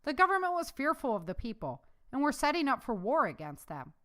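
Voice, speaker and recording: A woman's voice: sits high, sing-song, a little fast, fairly bright tone, pitched above the performer's own voice. A woman playing a wry, sarcastic ex-Marine man. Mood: wry jesting. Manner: jesting, sarcastic.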